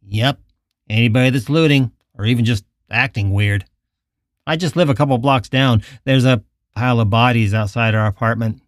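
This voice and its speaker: A man's voice: medium pitch, normal speed, no echo, clean studio sound, lightly acted. A man voicing a weary gas station attendant who speaks bluntly and matter-of-factly. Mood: grim.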